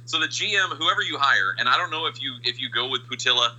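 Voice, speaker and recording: A man's voice: mid-range voice, lively intonation, fast talker, pushed and bright, husky, rough recording. A man co-hosting a casual podcast chat, joking in a wry way. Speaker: podcast co-host.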